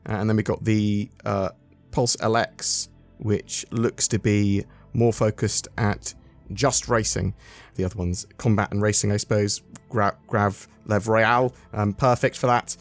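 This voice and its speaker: A man's voice: on the low side, steady tone, a little slow, soft background music. A man hosting a gaming channel, giving casual, rambling commentary full of fillers and enthusiasm.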